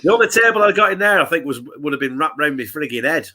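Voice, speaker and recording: A man's voice: on the high side, lively intonation, fast, pushed and bright. A man from England co-hosting a live football watch-along, telling a sweary story in casual chat. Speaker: co-host.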